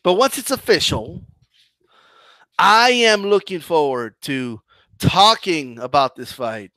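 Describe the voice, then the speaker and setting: A man's voice: fairly high pitch, no room sound. A man hosting a boxing live stream, ranting and mocking while reading chat. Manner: animated, mocking, combative rant with restarts. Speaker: boxing commentary channel host.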